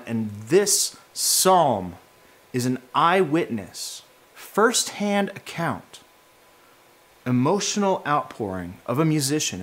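A man preaching a sermon, swinging between hushed, low passages and loud, impassioned ones. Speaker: pastor.

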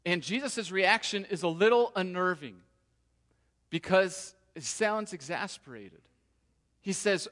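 A man preaching a sermon to his congregation in a relaxed, conversational way, sometimes voicing the people in the story. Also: high voice, a little slow. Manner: conversational, acts out quoted voices. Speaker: pastor. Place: church sanctuary. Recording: long hall reverb.

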